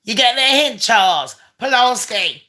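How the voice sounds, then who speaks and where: A woman's voice: on the high side, animated, a little slow, sharp tone. A woman hosting her own channel, reading a letter aloud and tearing into it with profane, mocking, sarcastic commentary. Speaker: channel host.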